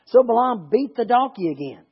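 A man's voice: very high-pitched, big pitch swings, moderate pace, husky. A man leading a Bible study, reading scripture and breaking off into rambling, joking asides. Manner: chatty, rambling, self-interrupting. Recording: lo-fi recording.

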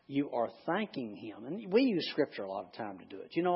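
A man preaching a sermon in his church, in a husky, middle-pitched voice. He talks conversationally, rising to loud emphasis and dropping to a hushed tone. The recording sounds dull and lo-fi. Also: big pitch swings, fairly quick. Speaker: pastor. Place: church sanctuary.

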